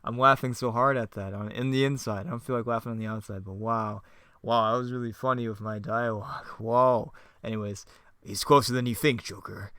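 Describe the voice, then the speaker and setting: A man's voice: mid-range voice, fairly even intonation, fairly quick, sharp tone, clear, resonant tone, no room sound, studio quality. A young man giving casual, self-mocking commentary on his old scripts and laughing often. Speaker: video host.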